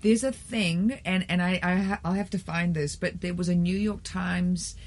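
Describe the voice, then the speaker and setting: A co-host telling an anecdote in casual chat, with animated delivery. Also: mid-range voice, normal speed.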